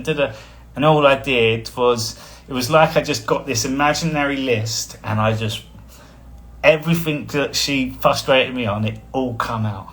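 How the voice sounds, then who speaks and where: A man's voice: medium pitch, normal speed, a bit bright. A man, a spiritual coach talking casually on a live stream, rambling and blunt, with frequent chuckles. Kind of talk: casual livestream talk.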